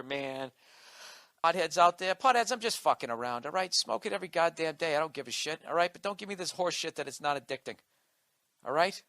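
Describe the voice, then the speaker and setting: Brief: male comedian ranting hard and swearing, sharp bright tone, dry close sound. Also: on the high side, no room sound. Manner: profane, combative ranting. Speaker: comedian podcast host. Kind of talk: comedic rant.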